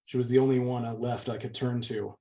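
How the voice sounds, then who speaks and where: A man's voice: medium pitch, flat delivery, fairly quick, dark tone. A man, the channel's host, steadily reading a novel's chapter aloud. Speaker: book reader, channel host.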